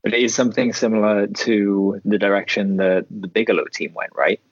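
A man's voice: on the low side, steady tone, brisk, dry recording. A man co-hosting a podcast, chatting casually and agreeably, often laughing along. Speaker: podcast co-host. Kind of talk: casual watchalong chat. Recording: dry, dull lo-fi audio.

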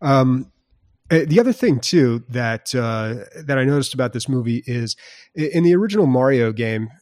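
A man's voice: medium pitch, expressive, moderate pace, darkish tone, no echo, studio quality. Rambling man in casual podcast chat. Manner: rambling, lots of fillers and restarts. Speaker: podcast co-host.

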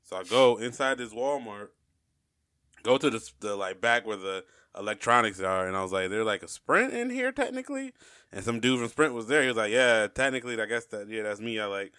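A young man in casual podcast chat, telling an animated story full of swearing and loud laughs. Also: lowish voice, fairly quick, clear, resonant tone, no echo, studio quality.

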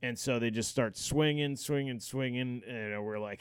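A man co-hosting a podcast, telling stories in casual chat, animated and swearing freely. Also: mid-range voice, normal speed, few pauses, clean tone, dry recording. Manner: animated storyteller, swears freely, acts out quoted yelling. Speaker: podcast co-host.

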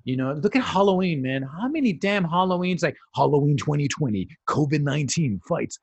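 A man with a gravelly, fry-edged voice pitched a little above the usual, rambling through a casual conversation. He talks in a loose, slangy way, full of "like" and "man". The sound is dry and close, with no room echo. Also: animated, fairly quick. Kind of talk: casual chat.

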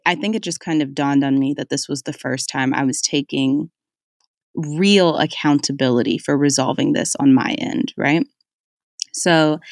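Podcast host, reflective personal monologue, casual and conversational, mid-pitched voice, dry close recording. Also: dry recording. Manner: casual and chatty, many "like"s and "y'all"s.

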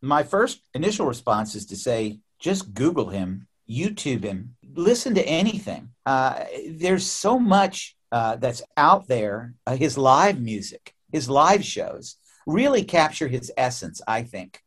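A middle-aged American man, a musician guest in an interview, telling stories in an animated way, often restarting and laughing. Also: medium pitch, a little slow, hardly any pauses, slightly rough. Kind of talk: casual interview storytelling.

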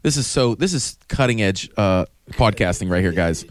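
A man's voice: lowish voice, expressive, normal speed. A middle-aged man co-hosting a podcast, telling stories in casual chat and acting out the voices of the people in them. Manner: storytelling, acts out quoted voices, laughs often. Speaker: podcast co-host.

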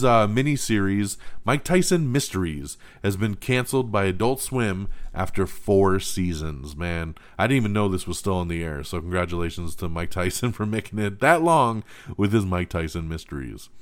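Smooth-voiced, chatty male podcast host. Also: on the low side. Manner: chatty and enthusiastic, peppered with "that's right" and "man". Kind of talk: casual entertainment news roundup.

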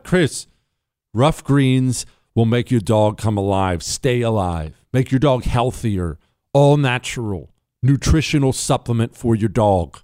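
A man's voice: medium pitch, dry recording. Guy hosting talk radio, mocking rant, voice bouncing all over, dry close studio sound. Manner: animated, mocking, rhetorical questions. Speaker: radio show host.

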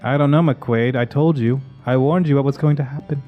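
A man voicing a foul-mouthed captive dwarf soldier who shouts in a frantic, taunting way. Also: medium pitch, brisk, phone-quality sound, soft background music, pitched above the performer's own voice, natural voice.

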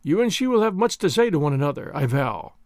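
A man's voice: a little high, very animated, fast talker, darkish tone, no echo, clean studio sound. A man voicing a regal male prince with a courtly, drawling manner. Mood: gracious. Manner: courtly, drawling, alternately cold and gracious.

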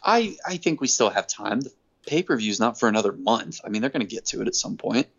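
A man hosting a casual chat, an animated storyteller who acts out quotes. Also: fairly low pitch, quick pace, gravelly, breathy edge. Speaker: podcast host. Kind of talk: casual wrestling recap chat. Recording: dull lo-fi recording.

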